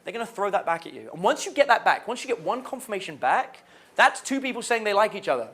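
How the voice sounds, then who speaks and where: A young man coaching on dating, talking in an animated way and acting out the lines he suggests. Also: high voice, fast, husky. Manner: animated, acts out quoted lines. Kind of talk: dating advice talk.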